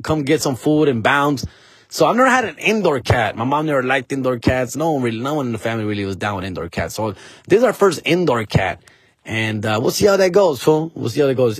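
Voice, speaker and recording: Dude from la, husky voice, dry close mic, laid-back story about his cat vibe. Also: mid-range voice, dry recording. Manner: slangy, mixes Spanish phrases, calls listener "fool" and "dog". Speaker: podcast host. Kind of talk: casual storytelling.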